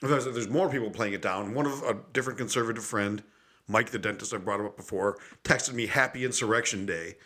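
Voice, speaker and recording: A man's voice: on the low side, brisk, pushed and bright. A man co-hosting a podcast, talking politics in a heated, profane rant. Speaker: podcast co-host. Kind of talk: casual political chat.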